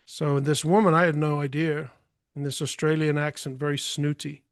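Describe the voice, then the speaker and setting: A man's voice: on the high side, little pitch movement, normal speed, no room sound. A man talking as a podcast guest, telling a story in a forthright, emphatic way. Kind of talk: casual storytelling.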